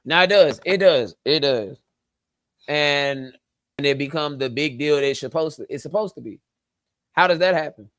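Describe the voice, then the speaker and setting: Podcast guy, smooth clear voice, dry sound, keeps agreeing hard. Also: fairly high pitch, a bit bright, no room sound. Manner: emphatic, quick to agree. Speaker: podcast co-host. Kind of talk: casual chat.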